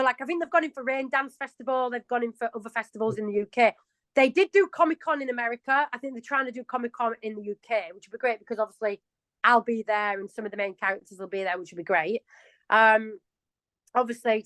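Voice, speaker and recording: Chatty Yorkshire woman, high and dry. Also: fairly bright tone, no room sound, poor audio. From England. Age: 40s. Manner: chatty and self-mocking, laughs often. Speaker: interview guest. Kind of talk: casual interview chat.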